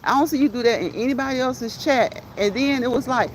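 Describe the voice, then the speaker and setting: A woman's voice: high-pitched, slight background noise. Laughing, chatty woman streamer. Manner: laughing often, talking back to chat; quick, lively chatter. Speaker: livestream host reading chat. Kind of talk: casual livestream chat.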